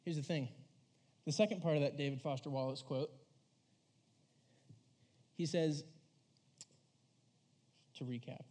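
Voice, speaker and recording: A man preaching a casual sermon to a church audience, conversational and animated, acting out voices and saying "like" a lot. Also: on the high side, a little slow, long pauses. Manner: animated, conversational, acts out voices, says "like" often.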